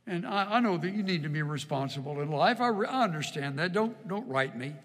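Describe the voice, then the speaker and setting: Middle-aged pastor in an echoing hall. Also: male voice, high voice, animated, fairly quick, fairly bright tone. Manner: conversational storytelling, wry and earnest. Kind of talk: sermon with personal stories. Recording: long reverb of a large hall.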